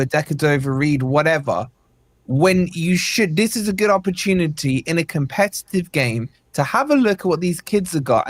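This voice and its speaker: A man's voice: on the high side, no room sound. A man hosting a fan show, arguing his football points with insistence. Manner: argumentative, pushes his point. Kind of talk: casual football chat.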